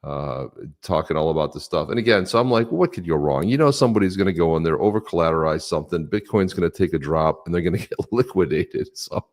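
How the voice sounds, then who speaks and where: Deep-voiced jokey male podcast host. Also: fast talker, few pauses. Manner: jokey, animated, reads comments aloud. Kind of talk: casual podcast chat.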